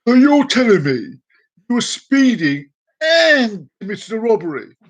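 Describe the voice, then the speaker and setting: A man playing a stern male traffic cop in a told joke, speaking loudly and officiously. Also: high-pitched, big pitch swings, slow, pitched above the performer's own voice, exaggerated voice.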